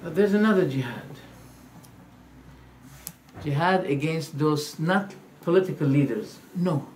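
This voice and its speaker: A man giving a religious lecture, animated, firing rhetorical questions and acting out quoted dialogues. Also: fairly high pitch, a little slow, slight background noise. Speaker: Islamic preacher.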